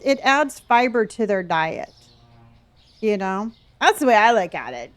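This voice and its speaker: A middle-aged woman with a slightly high voice streams a game, chatting playfully with her viewers and answering their chat messages.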